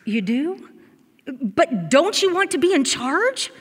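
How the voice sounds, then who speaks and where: A woman's voice: sits high, big pitch swings, takes it slowly, full character voice. An actress in a live radio drama playing a woman company owner handing over her business, recorded on stage in a reverberant hall. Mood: surprised. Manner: earnest and emotional. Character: warm woman company owner about to retire.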